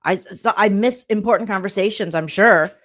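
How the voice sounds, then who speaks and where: A woman's voice: medium pitch, normal speed. A woman in her forties, a comedian, doing a sarcastic, exasperated reaction rant with plenty of swearing. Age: 40s.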